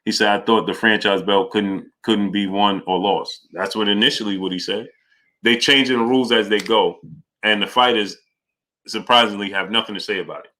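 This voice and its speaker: Bright-voiced New livestream host. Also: male voice, fairly low pitch, steady tone, normal speed. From New York. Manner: greets viewers by name, reads super chats aloud. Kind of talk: casual livestream chat.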